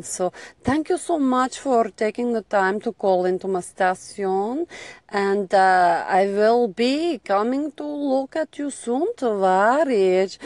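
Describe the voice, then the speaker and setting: A woman's voice: mid-range voice, darkish tone, no room sound. A woman voicing a brash, sly Russian woman radio host who brags about taking from men. She speaks broken English mixed with Russian words in a theatrical way.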